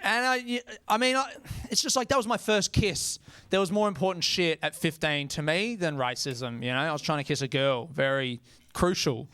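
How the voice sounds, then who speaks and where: Aussie guy doing stand-up, kinda high voice, laid back, swears a lot. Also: normal speed, bright, forceful tone, clean tone. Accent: Australian. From Australia. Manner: casual, swearing, self-mocking. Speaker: stand-up comedian. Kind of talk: stand-up comedy.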